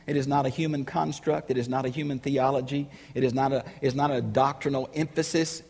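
A man preaching a sermon, emphatic and building to loud rhetorical questions. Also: mid-range voice, steady tone, brisk, creaky, few pauses, in a large hall.

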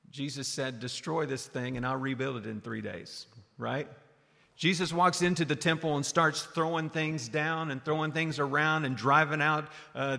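Man preaching, gravelly voice, fairly high pitch, long hall echo. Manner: animated, rising to loud calls and dropping low. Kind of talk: sermon.

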